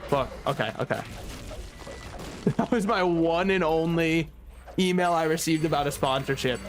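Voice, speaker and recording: A man's voice: fairly high pitch, moderate pace, faint music behind. A man streaming a video game, rambling and joking with frequent swearing. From United States. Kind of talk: casual gameplay commentary.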